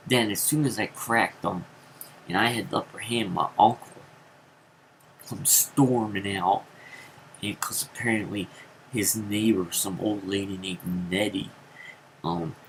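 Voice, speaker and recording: A man telling a rambling story in a casual vlog, with many fillers and sudden jumps into high acted quotes. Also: slight background noise, low-quality recording. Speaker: vlogger.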